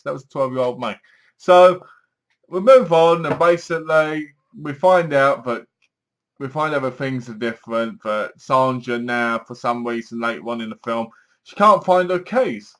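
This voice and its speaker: A man casually reviewing a film, retelling the story in a rambling, animated way and acting out lines. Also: medium pitch, moderate pace.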